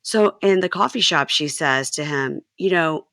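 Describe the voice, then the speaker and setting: A woman's voice: deep voice, a little slow, a bit bright, no room sound, clean studio sound. A woman hosting a podcast, chatting casually and retelling show scenes with quoted lines. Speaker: podcast host. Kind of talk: casual chat recapping a reality show.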